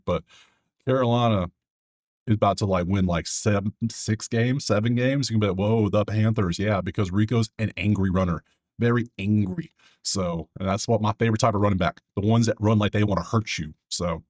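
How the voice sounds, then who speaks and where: A man hosting his own sports betting video, talking loosely to himself as he clicks through stats. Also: lowish voice. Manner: loose, chatty, talks to himself, quick asides. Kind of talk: casual solo commentary over a screen.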